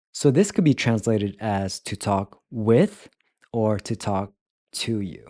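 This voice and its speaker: A man teaching pronunciation, breaking words into sounds and repeating them slowly and carefully. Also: fairly low pitch, lively intonation, dark tone, no echo, studio quality. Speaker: language teacher. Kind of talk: slow, careful pronunciation lesson.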